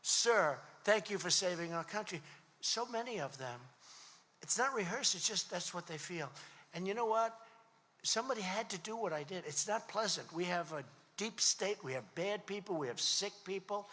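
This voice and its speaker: This political speaker, a man in his seventies, sits high in pitch and sounds animated, bright and forceful at a normal pace. He rambles and repeats himself, spinning stories conversationally, while his voice rings with long reverb through a large hall.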